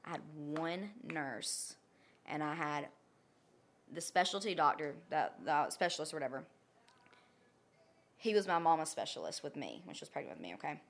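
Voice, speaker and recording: A woman's voice: low-pitched, expressive, normal speed, long pauses. Blunt, profane young woman telling a story. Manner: blunt and profane, with frequent checking "okay?". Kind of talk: casual personal storytelling.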